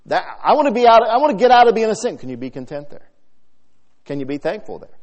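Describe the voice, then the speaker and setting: Guy preaching a sermon, lively voice, goes quiet then gets loud reading verses, slightly high. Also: fast talker.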